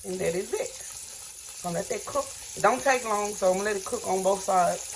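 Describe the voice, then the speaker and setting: A woman's voice: medium pitch, moderate pace, a little hiss or hum. A woman chatting casually to viewers while cooking in her home kitchen. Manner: chatty, addresses viewers as y'all. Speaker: cooking vlogger.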